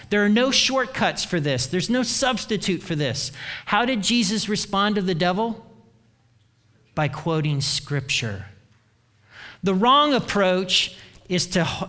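High-voiced preacher in an echoing hall. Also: male voice, sharp tone. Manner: earnest preaching, lets his voice drop low at the end of key phrases. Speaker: pastor. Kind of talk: sermon. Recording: long reverb of a large hall.

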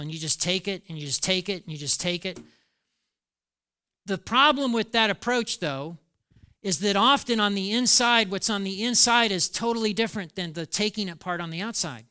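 A man preaching a sermon, animated, acting out quoted lines with small laughs. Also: high voice, smooth. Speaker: pastor.

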